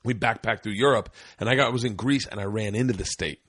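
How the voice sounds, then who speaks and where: A middle-aged man hosting a podcast, telling a story in casual chat, swearing freely and acting out shouted quotes. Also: lowish voice, fast, slightly rough, no echo, clean studio sound. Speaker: podcast host. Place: indoor studio room.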